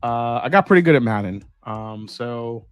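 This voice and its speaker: A man's voice: mid-range voice, animated, normal speed, smooth, no room sound, faint music behind. A man hosting a live stream, chatting casually and rambling while tasting and answering viewer comments. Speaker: host.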